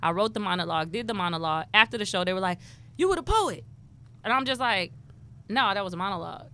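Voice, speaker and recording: A woman's voice: mid-range voice, very fast, clear, resonant tone. A woman from Houston, a guest telling stories casually in an interview and acting out the voices of people she quotes. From Houston, Texas. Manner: animated, acts out quoted voices. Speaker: guest, rapper and poet.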